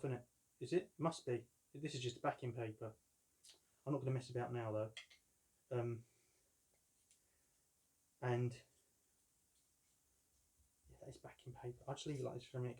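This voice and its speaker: Recorded indoors at home on a camera mic, a roughly fifty-year-old collector from London, England reviews a figure as he opens it. He talks in an ordinary mid-range voice, rambling good-naturedly and telling funny stories along the way.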